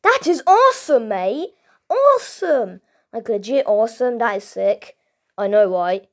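A woman with a fairly high voice improvises a toy role-play. She drawls her lines slowly and playfully, with excitable bursts. The tone is loose and homemade. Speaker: toy video performer.

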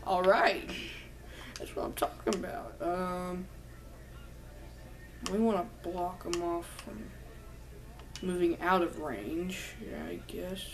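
A young woman comments casually while playing a video game, rambling, joking with herself, and breaking into humming and singing. Her fairly low voice moves slowly, with frequent pauses.

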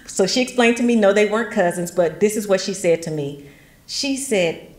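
In a roomy, echoing space, a middle-aged woman from West Tennessee presents a genealogy workshop in a chatty way, sprinkling in folksy remarks and plenty of laughter. Her medium-pitched voice is animated and moderately paced.

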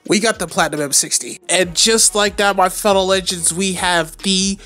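A man giving live gameplay commentary at home late at night, trash-talking opponents and swearing a lot, with sudden high-pitched yells. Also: moderate pace, soft background music. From United States. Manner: excitable trash talk with frequent swearing. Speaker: gaming channel host.

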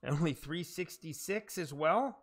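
A man's voice: on the high side, expressive, moderate pace. A man streaming a game live, reacting aloud to his own shots, swearing when frustrated, poking fun at himself and chatting with viewers. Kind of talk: live gameplay commentary.

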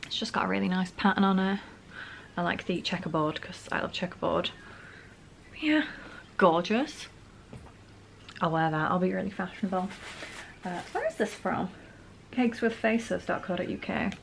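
A woman's voice: lowish voice, normal speed, vocal fry, long pauses, a little hiss or hum. A young Northern English woman chatting casually through a gift haul vlog at home, gushing and giggling now and then. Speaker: vlogger. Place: home room. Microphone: camera on a stand.

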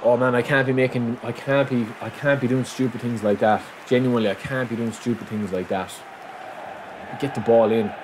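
A man giving excitable live commentary on his own football video game, reacting aloud and calling his viewers lads. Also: mid-range voice. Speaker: gaming channel host. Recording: noisy game sound mix.

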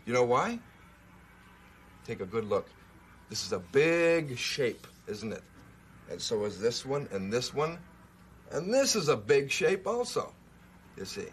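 A man's voice: mid-range voice, big pitch swings, measured pace, long pauses, slight background noise. A man presenting a children's show, patiently teaching a young viewer and asking questions. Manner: patient, coaxing, asks questions.

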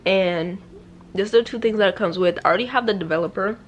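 A woman's voice: mid-range voice, quick pace, slight background noise. A young woman chatting casually to camera at home, playful and self-deprecating. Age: young adult. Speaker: vlogger. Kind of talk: casual vlog chat. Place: at home indoors.

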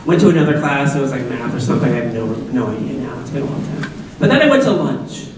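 A man's voice: medium pitch, sing-song, quick pace, far from the mic, noisy background. Middle-aged man telling a story in an echoey hall. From Massachusetts, USA. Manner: conversational, asks audience questions, jokey asides. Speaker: speaker at a school assembly. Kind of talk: personal storytelling speech.

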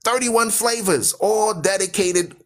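Man, radio host, loud, emphatic, rhythmic repetition, fairly high voice. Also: takes it slowly. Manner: asks listeners questions with "right?". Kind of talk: fiery preaching talk.

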